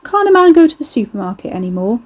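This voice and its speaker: A woman's voice: a little high, sing-song, fast talker, husky, pitched above the performer's own voice. A woman doing a cocky taunting man. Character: brash mocking male troublemaker.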